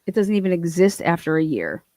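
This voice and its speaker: A woman's voice: on the low side, sing-song, dark tone, dry recording. Profane, combative woman ranting up close. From Ohio. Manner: fast, profane and combative, acts out other voices. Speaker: commentary channel host.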